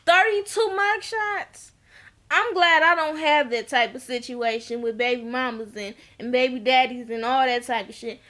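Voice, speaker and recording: A woman's voice: high-pitched, fairly even intonation, normal speed, a bit bright. A woman casually recapping a reality TV episode, chatty and blunt, swearing freely and acting out what people said. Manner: chatty, acts out quoted dialogue, laughs often. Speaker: TV recap vlogger.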